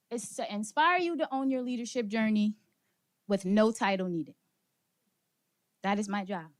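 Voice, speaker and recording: A woman giving an interactive motivational workshop talk to a live audience, moving among them and asking questions, a little out of breath. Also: fairly high pitch. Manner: energetic, engages audience with questions and laughs. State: slightly out of breath. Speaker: speaker leading a workshop session. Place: conference room with live audience.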